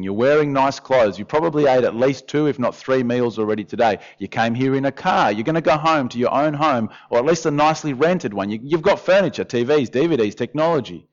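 A man's voice: medium pitch, muffled recording. A man preaching a sermon in a conversational way, often acting out voices. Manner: lively, conversational, often acts out quoted voices. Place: church hall.

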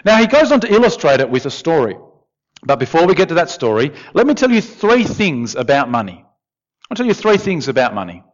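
A man preaching a sermon in a conversational, animated way, with asides to the congregation. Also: on the high side, fairly quick. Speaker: pastor. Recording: dull, lo-fi sound.

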